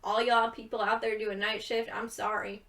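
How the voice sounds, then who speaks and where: High-voiced chatty young woman, a little distant. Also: flat delivery, moderate pace, a bit bright. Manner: rambling, giggly, chatty. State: tired from little sleep. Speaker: gaming video creator. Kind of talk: casual chat over gameplay.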